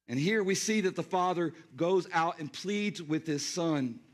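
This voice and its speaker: A man preaching a sermon in a high-pitched voice. He is animated and talks straight to the congregation, pulling them in with questions. He acts out the scenes he describes. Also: a little slow. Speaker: pastor.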